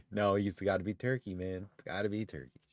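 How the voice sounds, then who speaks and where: A man's voice: fairly low pitch, moderate pace, darkish tone, no echo, clean studio sound. A man co-hosting a live stream, chatting easily and laughing often as he rambles. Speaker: podcast co-host. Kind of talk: casual chat on a live stream.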